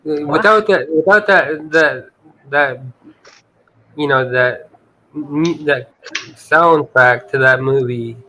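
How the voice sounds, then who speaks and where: Man host, casual chat, bright tone, stop-start phrasing. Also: mid-range voice, low-quality recording. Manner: halting, repeats words, easygoing.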